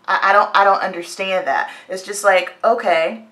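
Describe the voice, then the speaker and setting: A woman's voice: mid-range voice, normal speed, fairly bright tone. A woman in her late twenties from the United States, a hairstylist chatting candidly and with strong opinions straight to her viewers while getting ready. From United States (Virginia, North Carolina). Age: late 20s. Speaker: hairstylist and beauty vlogger. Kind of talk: casual get-ready-with-me chat.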